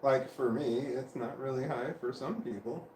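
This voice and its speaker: This vlogger, livestreaming from a home room with a fan on, coughs repeatedly while rambling to himself in a mid-range, a little mellow voice. His intonation is fairly even and his pace moderate; the audio is reverberant with a little hiss or hum, and he meanders, self-corrects, and chuckles.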